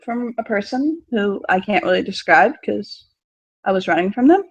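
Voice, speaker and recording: A woman's voice: medium pitch, animated, normal speed, dull audio. A woman voicing a chatty, bouncy little girl who stammers through excuses. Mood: excited. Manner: hesitant, rambling excuses.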